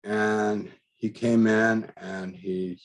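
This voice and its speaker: A man's voice: on the low side, flat delivery, very slow, poor audio. A man telling a personal story in a casual, rambling way, full of asides and self-corrections. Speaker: speaker recounting a personal experience. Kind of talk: casual spoken testimony.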